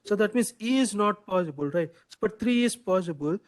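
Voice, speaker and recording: In an expressive, fairly quick delivery, a man teaches a class in a fairly high voice. He quizzes students repeatedly, echoes their answers back, ends points with "right?", and speaks in a loose style full of "so."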